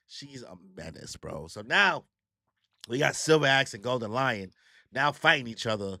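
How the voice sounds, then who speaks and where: A man giving casual, animated live reaction commentary, talking in slang. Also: medium pitch, moderate pace, gravelly, dry recording. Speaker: manga reaction host.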